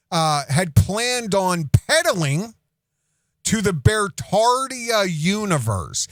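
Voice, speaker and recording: A man's voice: sits high, fairly bright tone, dry recording, studio quality. A man hosting a commentary show, ranting in a sarcastic, mocking way with lots of swearing.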